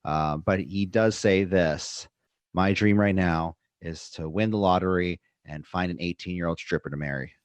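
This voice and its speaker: A man with a lowish voice chats casually while hosting a wrestling podcast. He recaps events in a chatty, easily amused way, in a dry room with no echo. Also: moderate pace, clear, resonant tone. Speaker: podcast host.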